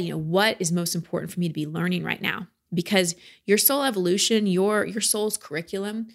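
A woman's voice: on the low side, a little fast, creaky. A middle-aged woman hosting a podcast as a life coach, talking in an earnest, chatty way with small laughs. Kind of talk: podcast monologue.

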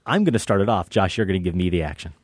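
Man, podcast host, playful, teasing, lowish voice, dry studio sound. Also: expressive, racing, no room sound. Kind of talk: casual chat.

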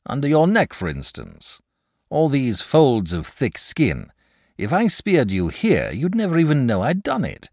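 A frank, pleasant knight, patient and persuasive, in a storybook reading, as a man puts him on. His voice is only a little raised and moves lively through each phrase, with a dry, close sound. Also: medium pitch, measured pace, no room sound, pitched above the performer's own voice, full character voice.

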